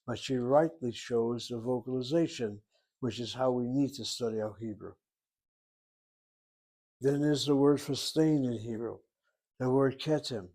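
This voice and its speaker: A man's voice: mid-range voice, darkish tone. Methodical man teaching Hebrew grammar. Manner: methodical, talks through each step aloud. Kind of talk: grammar lecture.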